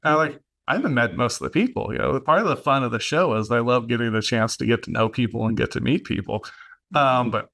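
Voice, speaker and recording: A man's voice: medium pitch, fast talker, creaky, fairly bright tone. A man hosting a podcast, talking casually and rambling a little, with plenty of fillers and false starts. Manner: rambling, with many fillers and restarts. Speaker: podcast host.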